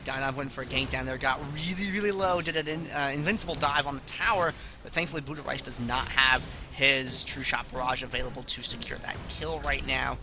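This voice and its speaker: A man giving excitable, jokey commentary on a competitive video game match. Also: medium pitch, brisk, few pauses, background noise. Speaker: esports commentator. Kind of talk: esports color commentary.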